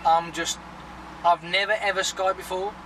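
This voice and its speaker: A man's voice: sits high, little pitch movement, moderate pace, recorded from a distance, background noise. A man chatting casually to his viewers in a rambling, sweary vlog, talking freely. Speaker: vlogger.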